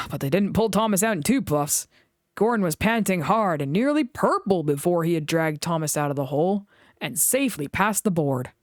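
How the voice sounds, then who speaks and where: Animated woman reading a children's book. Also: fairly low pitch, moderate pace, no room sound, studio quality. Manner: animated, expressive storytelling. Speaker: storybook reader.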